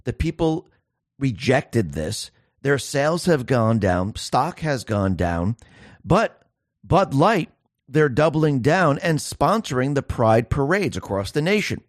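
Man, commentary host, emphatic, rhetorical questions, medium pitch, dry room. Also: sing-song, slow, dry recording. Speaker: show host. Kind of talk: political commentary monologue.

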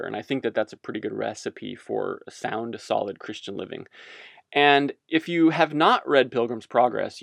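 A man's voice: mid-range voice, creaky, no echo, clean studio sound. A man giving casual religious commentary as a podcast host, rambling and self-amused, wandering off on tangents.

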